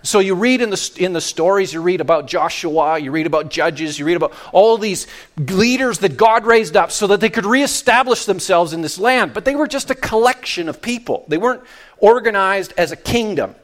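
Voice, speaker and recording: Conversational Canadian pastor preaching. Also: male voice, lively intonation, moderate pace. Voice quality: deep voice. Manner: conversational, restarts phrases while explaining. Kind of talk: sermon.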